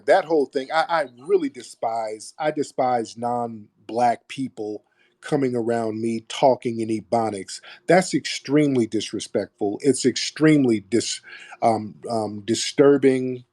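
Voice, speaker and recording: A man's voice: mid-range voice, measured pace, mellow. A man hosting a call-in stream, talking in an emphatic, preachy way and repeating phrases for stress. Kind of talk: opinionated call-in commentary.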